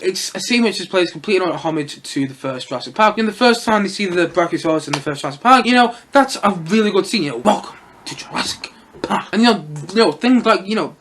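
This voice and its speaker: Young male reviewer, high voice, chatty and rambling, fillers and light laughs. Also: a bit bright, a little hiss or hum. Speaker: film reviewer. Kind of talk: casual solo film review.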